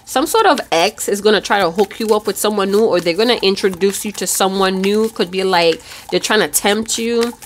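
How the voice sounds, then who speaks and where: A woman's voice: medium pitch, slight background noise. A woman giving a casual tarot reading, chatty and loose, with casual swearing. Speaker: tarot reader.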